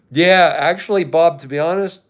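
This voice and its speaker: An American man hosting a livestream, chatting casually with viewers in a laid-back way and swearing now and then. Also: fairly high pitch. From United States. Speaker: livestream host. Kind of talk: casual live chat answering viewers.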